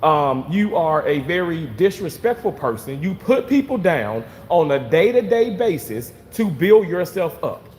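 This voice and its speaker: A man casually venting to his viewers, animated and swearing freely, repeating himself for emphasis. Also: fairly high pitch, unhurried, hardly any pauses, in a large hall, a little hiss or hum. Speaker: vlogger reading live chat.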